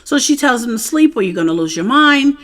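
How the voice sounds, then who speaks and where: A woman's voice: a little high, animated, a little fast, a bit bright. A woman giving a casual, chatty recap of a TV episode, often asking "you know what I'm saying?". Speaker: TV show reviewer.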